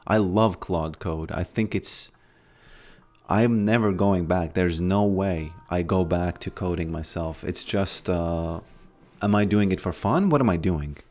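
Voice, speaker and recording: A man streams a game and chats casually with his viewers, laid-back and often trailing off mid-sentence. His voice is low-pitched, a little mellow and unhurried.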